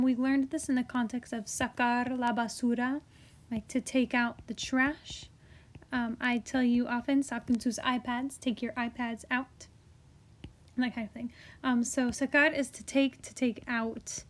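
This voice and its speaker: A young woman teaching a Spanish grammar lesson to her class, chatty and encouraging, slipping into soft whispers as she writes. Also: on the high side, level tone, a little slow.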